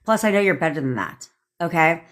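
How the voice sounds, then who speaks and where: A woman's voice: sits low, a little fast. A woman, coaching on a live stream and answering viewer comments. She talks bluntly and profanely, with lots of asides. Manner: blunt, profane and animated, with frequent laughs and asides. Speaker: manifestation coach.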